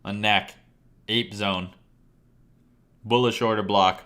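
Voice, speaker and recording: A man's voice: lowish voice, steady tone, takes it slowly, sharp tone. Guy streaming a trading lesson, swears a lot, keeps asking chat questions, keyboard clacking behind. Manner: casual, profane, quizzing viewers. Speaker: trading educator. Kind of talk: live-streamed chart lesson.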